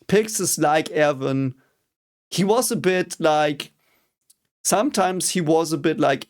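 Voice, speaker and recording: A man's voice: a little high, lively intonation, unhurried. A young German man with a German accent, reacting to an anime episode in casual commentary, frustrated and swearing often. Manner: frustrated, swears a lot, mock-cheering outbursts. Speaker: reaction video host.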